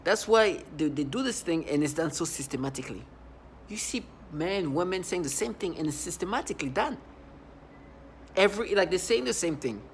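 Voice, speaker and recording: A man in his thirties giving a personal testimonial, halting, often repeating and restarting words. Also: high-pitched, expressive, slight background noise. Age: 30s. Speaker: vlogger.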